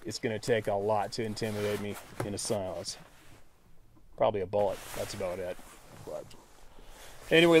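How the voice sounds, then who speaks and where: A man at an ordinary middle pitch hosts his own channel in a casual monologue. He talks bluntly and sounds frustrated, dropping the odd swear word as he addresses his viewers directly. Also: darkish tone. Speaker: channel host.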